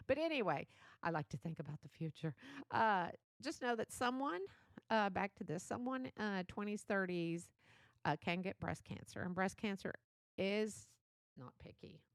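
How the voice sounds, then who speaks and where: Older lady podcaster, motherly and chatty, laughs a lot, bit of a gravelly edge, dead dry sound. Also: on the low side, no echo. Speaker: podcast host. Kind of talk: casual solo podcast talk.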